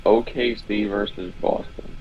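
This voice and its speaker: A man's voice: on the low side, level tone, measured pace, muffled recording, noisy background. A man co-hosting a podcast, chiming in on a casual basketball debate with short agreeing remarks. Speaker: podcast co-host.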